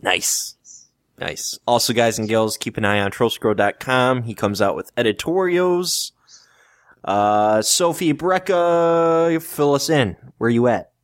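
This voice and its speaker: A man hosting a casual gaming podcast, firing off animated questions and stumbling over his words. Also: fairly low pitch, unhurried, no room sound, clean studio sound. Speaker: podcast host.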